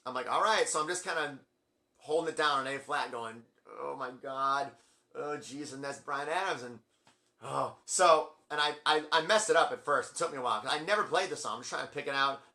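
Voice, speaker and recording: A middle-aged man telling a long, rambling story on his video blog, acting out quotes with big jumps in his voice. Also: fast. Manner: excitable, acts out quotes with big pitch jumps. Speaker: music vlogger.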